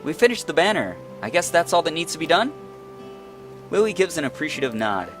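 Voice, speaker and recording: Animated young man reading a story game. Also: on the high side, a little fast, soft background music. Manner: animated, playful and joking. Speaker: let's play host. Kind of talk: reading a visual novel aloud with commentary.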